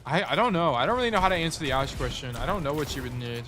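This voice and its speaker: A man's voice: on the high side, animated, racing. A man coaching a player through gameplay footage in a casual, blunt way, often repeating short commands. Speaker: game coach.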